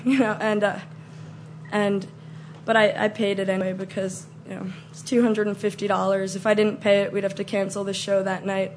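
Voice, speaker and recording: A woman telling a comic story, acting out scenes with loud shrieks and mock voices. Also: medium pitch, level tone, brisk, slight background noise.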